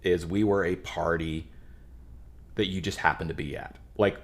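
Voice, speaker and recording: Deep-voiced man, animated band storyteller. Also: moderate pace. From Pittsburgh area, USA. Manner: animated storytelling, rambling restarts. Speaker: podcast guest, musician. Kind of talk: casual chat.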